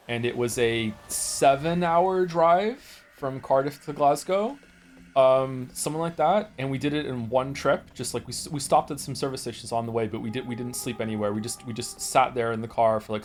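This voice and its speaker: A man's voice: mid-range voice, a little hiss or hum. A man in his forties from Wales, streaming and chatting casually, telling stories in a rambling, profane way with many restarts. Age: 40s. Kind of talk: casual chat.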